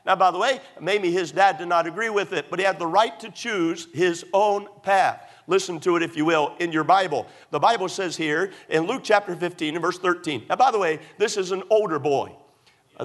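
A man's voice: high-pitched, a little fast, a bit bright. A middle-aged man, a pastor, preaching a sermon emphatically, repeating points and using many fillers.

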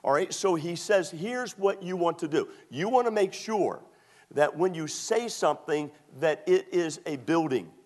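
A man's voice: on the high side, expressive, a little slow, darkish tone. A man preaching a sermon in a folksy, conversational way, with many fillers, quoting scripture and asking the congregation to answer. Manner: quotes scripture and asks the congregation to respond. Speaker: pastor.

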